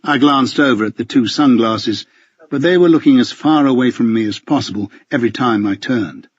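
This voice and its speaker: A man narrates a first-person audiobook in a dry, understated, wry way. His voice sits mid-range and is husky and breathy. The recording is dry and somewhat dull and lo-fi. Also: mid-range voice, moderate pace, no room sound.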